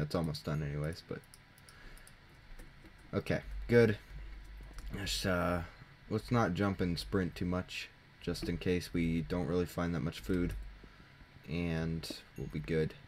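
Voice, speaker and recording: A teenage boy casually commenting on his own gameplay into a desk mic, chatty and jokey, thinking out loud and poking fun at himself. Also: deep voice, unhurried, pauses often, a little hiss or hum. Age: teens. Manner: chatty, jokey, self-mocking, thinking aloud. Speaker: gaming channel host. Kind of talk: casual let's-play commentary. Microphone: desk microphone.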